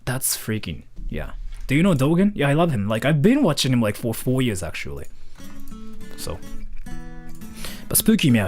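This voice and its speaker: Lively Japanese-accented young man streaming. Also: medium pitch, normal speed, pauses often, faint music behind. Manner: animated, peppers speech with "freaking", acts out imagined exchanges. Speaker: streamer answering donation questions. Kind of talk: casual live-stream chat.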